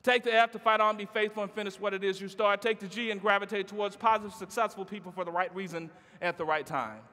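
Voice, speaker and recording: A man's voice: high-pitched, fairly even intonation, fast, sharp tone. A middle-aged man giving a motivational keynote speech with a rhythmic, playful delivery, heard in a large conference hall. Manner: rhythmic, call-and-response style delivery with playful asides. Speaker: keynote speaker. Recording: long hall reverb.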